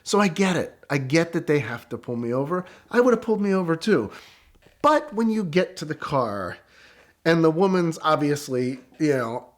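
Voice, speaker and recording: A middle-aged man telling a story in a casual, animated way, with quick excited bursts. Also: fairly high pitch. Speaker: guest storyteller.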